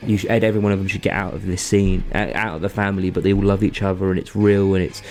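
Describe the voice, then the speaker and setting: A man's voice: low-pitched, flat delivery, quick pace, a little mellow. A man, co-hosting a podcast and rambling through a story with lots of fillers. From England. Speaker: podcast co-host. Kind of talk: casual chat.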